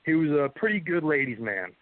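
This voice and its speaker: Man, podcast co-host, animated storyteller, slightly high voice, tinny phone-like audio. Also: a little fast. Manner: animated, rambling anecdote telling. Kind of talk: casual storytelling chat.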